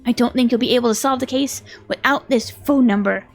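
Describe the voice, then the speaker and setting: A secretive video game character, hushed and teasing, murmuring her hints in a conspiratorial tone, read aloud by a woman. Her voice sits high, with a gravelly, fry-tinged edge. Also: brisk, soft background music. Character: secretive female game character selling a tip.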